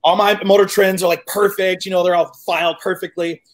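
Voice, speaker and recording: A man in his forties from Chicago, a guest telling a story in casual, animated chat, cursing freely and acting out what people said. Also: high voice, brisk. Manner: animated, profane, acts out quoted dialogue.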